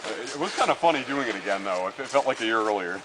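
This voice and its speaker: A man's voice: fairly low pitch, expressive, very fast. A young man chatting casually with a friend in a vlog, rambling and offhand, often a bit off the camera mic. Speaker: vlogger's friend. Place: outdoors in woods, then indoors at home. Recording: clear background noise, camcorder audio.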